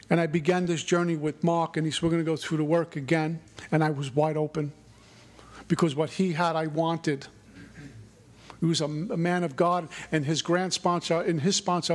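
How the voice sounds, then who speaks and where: A middle-aged man, sharing his recovery story in an earnest, repetitive way. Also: a little high. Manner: earnest, repetitive, mantra-like phrasing. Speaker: recovery meeting speaker. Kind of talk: personal recovery talk.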